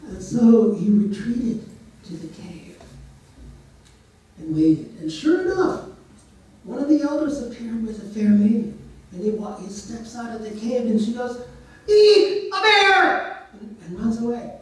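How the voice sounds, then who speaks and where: A man's voice: sits high, expressive, a little slow, warm tone, heavy reverb, far from the mic, rough recording. A man telling a story in a casual way, now and then putting on voices for the characters. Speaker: storyteller and therapist.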